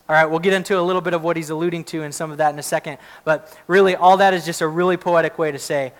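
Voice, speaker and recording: A male pastor with a high-pitched voice delivers a sermon. He reads long scripture passages aloud, then breaks into relaxed, conversational explanation. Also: fast, hardly any pauses. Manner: prays in a hushed, lowered voice.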